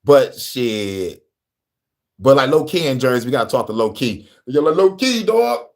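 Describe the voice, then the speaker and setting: A young man with a New York accent, co-hosting a casual, profane podcast chat, animated and laughing often. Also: mid-range voice, normal speed. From New York, Bronx. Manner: animated, laughing, swearing, breaks into rap voices. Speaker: podcast co-host.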